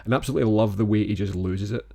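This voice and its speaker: A man co-hosting a podcast, chatting about a film in a relaxed, rambling, enthusiastic way. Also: lowish voice, rapid-fire, gravelly. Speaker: podcast co-host. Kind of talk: casual film-review chat.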